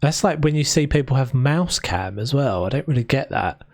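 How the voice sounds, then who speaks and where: A man's voice: mid-range voice, lively intonation, moderate pace, no echo, studio quality. A man from South London with a London accent, chatting casually and rambling on a live stream while he builds in a game. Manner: chatty and rambling, with frequent restarts.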